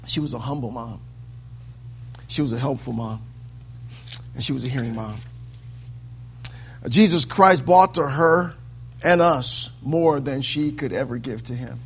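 A man preaching a sermon in a church, swinging from hushed lines to loud, sing-song peaks. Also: mid-range voice, vocal fry, a little hiss or hum.

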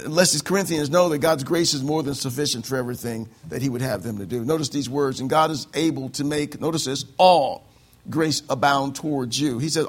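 A man with a high-pitched voice delivers an animated sermon. He drops to a quiet, fast aside, then builds up to shouted lines of scripture. He acts out the voices he quotes. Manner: animated preaching, acting out quotes, swings from soft to shouting. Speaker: pastor.

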